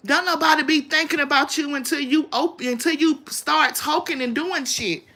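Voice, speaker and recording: On her livestream, a female host launches into a confrontational, profanity-laden rant that pulls no punches. She speaks at a moderate pace with a steady tone, her voice high, bright and edgy, threaded with gravelly fry.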